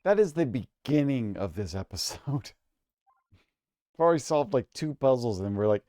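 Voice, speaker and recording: Streamer, male, mellow warm tone, reads all the parts with chuckling asides. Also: medium pitch, big pitch swings, moderate pace, no echo, studio quality. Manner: reads every character aloud, chuckling asides. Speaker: streamer reading a visual novel aloud. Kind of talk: live game read-through with voices.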